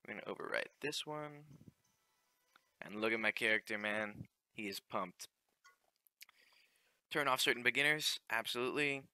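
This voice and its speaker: A man's voice: medium pitch, normal speed, pauses often, sharp tone, clear, resonant tone, dry recording. A young man hosting a let's play, commenting casually on the game with joking asides and frequent ums.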